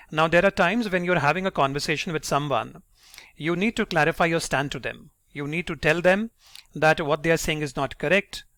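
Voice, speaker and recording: Guy teaching english online, kinda high voice, goes over stuff again and again, dry close mic. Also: fairly bright tone, no room sound. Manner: explains slowly and repeats key points.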